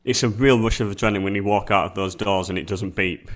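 A man's voice: fairly low pitch, steady tone, quick pace. A man co-hosting a comedy podcast, riffing wryly on jokes with trailing restarts. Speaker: podcast co-host. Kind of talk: casual comedic banter.

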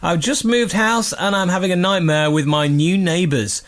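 A man's voice: high-pitched, normal speed, fairly bright tone. A man hosting a podcast, reading out listener jokes and running a quiz game in an amused, jokey way. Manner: jokey, amused, often laughing at own reading.

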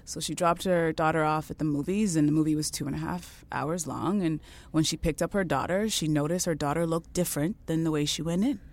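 A woman from the Caribbean, a podcast guest chatting casually and telling a story frankly with lively swings in pitch and loudness. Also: fairly quick. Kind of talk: casual chat.

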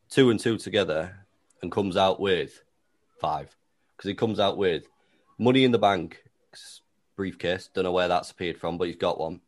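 A man co-hosting a casual podcast chat, telling a made-up story in a deadpan way. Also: on the low side. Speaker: podcast co-host.

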